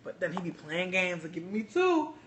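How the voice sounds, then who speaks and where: A livestream host ranting to viewers in a brash, loud, profane and sassy way, speaking from a bar. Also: medium pitch, sing-song, a little fast, crowd noise. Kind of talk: brash casual rant to viewers.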